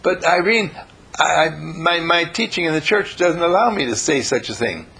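A woman's voice: deep voice, expressive, normal speed, gravelly, fairly bright tone, husky, exaggerated voice. A man voicing a timid, amazed old churchgoing woman who stammers and hesitates. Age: older.

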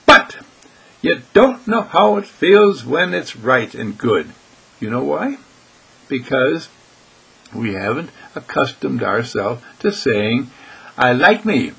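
A man's voice: medium pitch, very animated, slow, bright, forceful tone, rough recording. A man giving a short inspirational talk as dean of a healing school, repeating his points with emphasis and acting out his listeners' questions. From United States. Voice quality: gravelly, husky.

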